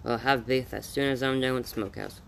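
A steady frontier father speaks plainly and kindly, as read by a man. The voice has an ordinary middle pitch in a storybook telling. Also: fast, creaky, slight background noise, natural voice, rough recording. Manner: plain-spoken and welcoming.

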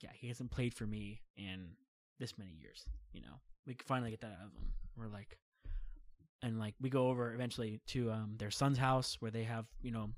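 A young guest storyteller with a medium-pitched voice casually recounts a long travel story in a dry recording. He rambles, leans heavily on fillers, and animates the retelling by acting out quotes.

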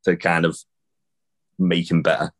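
A man's voice: low-pitched, little pitch movement, measured pace. A man co-hosting a podcast, recapping wrestling in a rambling, casual way with lots of swearing and fillers. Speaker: podcast co-host.

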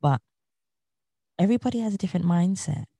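A woman's voice: fairly low pitch, expressive, a little fast, gravelly, dark tone, slightly rough, no echo. A woman being interviewed, talking about her outlook in an earnest, motivational way and repeating her key phrases. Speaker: interview guest. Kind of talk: reflective interview talk.

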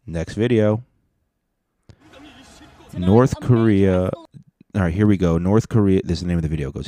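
A man's voice: low voice, lively intonation, moderate pace, dark tone, dry recording. A man casually reacting to online videos, sardonic and profane, mocking what he watches.

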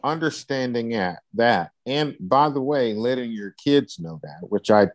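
A man's voice: mid-range voice, animated, measured pace, no room sound. A man coaching a client, encouraging and preacher-like, often checking in with "right?". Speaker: life coach. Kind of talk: coaching session interview.

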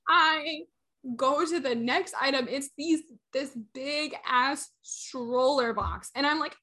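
A woman's voice: high-pitched, normal speed, bright, forceful tone. A young woman in casual chat, animatedly retelling a story and acting out the quotes.

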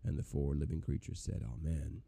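A man reading scripture aloud in a measured, solemn way. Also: rumbling low, creaky, mellow, slightly rough. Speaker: Bible reader.

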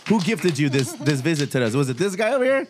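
A man's voice: a little high, big pitch swings, fast talker, loud music behind the voice. A man co-hosting a casual chat, teasing the guest with crude jokes and frequent laughter. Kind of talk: casual podcast banter.

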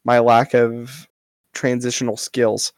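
A man's voice: mid-range voice, flat delivery, slow pace, no room sound. A young man co-hosting a podcast, chatting casually in a crude, offhand way with plenty of swearing. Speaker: podcast co-host. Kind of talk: casual chat.

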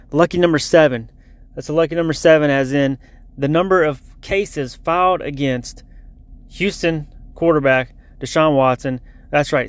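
A man's voice: on the high side, dry recording. A man giving a casual lunch-break sports update in a blunt, heated, profane rant.

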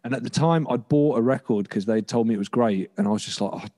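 A man's voice: medium pitch, fast, mellow. A young man, chatting casually on a podcast about music, rambling with restarts and casual swearing. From England. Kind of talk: casual chat.

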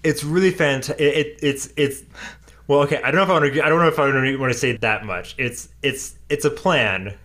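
A man's voice: medium pitch, fast, a bit bright. A man co-hosting a podcast in casual chat, hesitant and self-correcting, repeating words as he searches for them. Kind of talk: casual chat recapping a show.

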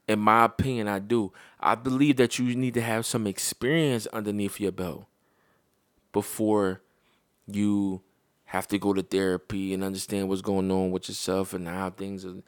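A man's voice: on the low side, no echo, studio quality. A man and parent giving a blunt, heated, profane opinion monologue to his viewers.

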